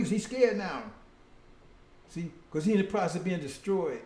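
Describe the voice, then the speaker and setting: A man preaching a rambling, repetitive sermon who keeps checking with his listeners. His voice sits high for a man, but the tone is mellow and dark. The sound is roomy, with echo. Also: expressive, fairly quick. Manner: repetitive, keeps asking "see?" and "right?"; addresses "brothers and sisters".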